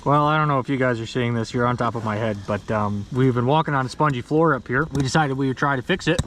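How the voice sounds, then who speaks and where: A man's voice: mid-range voice, fast, fairly bright tone, a little hiss or hum. A man hosting a fishing trip vlog, talking casually outdoors on a river raft with wry, joking, self-deprecating commentary.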